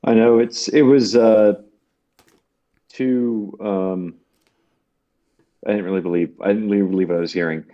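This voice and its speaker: A man's voice: fairly low pitch, fairly even intonation, unhurried, long pauses, mellow, lo-fi sound. A man co-hosting a casual podcast chat, talking hesitantly with lots of fillers. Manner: hesitant, many fillers and restarts. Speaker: podcast co-host.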